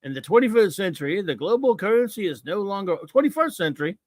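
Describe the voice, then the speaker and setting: A man's voice: sits high, big pitch swings, fast, no room sound, studio quality. A middle-aged American man hosting a comics talk show, ranting about a comic with mocking scorn. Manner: scornful, mocking, repetitive rants.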